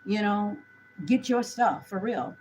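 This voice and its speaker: A woman's voice: medium pitch, animated, takes it slowly, a little mellow, slight background noise, poor audio. A woman gives a chatty live tarot reading, talking straight to her viewers. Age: 40s. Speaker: tarot reader.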